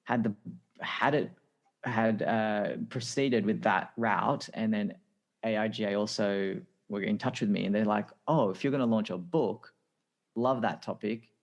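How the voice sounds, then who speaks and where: Chatty Australian man, lowish voice. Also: unhurried, muffled recording. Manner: chatty, acts out quoted dialogue. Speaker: guest, design director. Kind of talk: casual storytelling.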